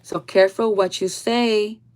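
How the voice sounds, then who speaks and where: A woman giving a casual spiritual reading to her viewers, blunt and full of swearing, often trailing off soft and low. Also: steady tone, unhurried. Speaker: tarot reader.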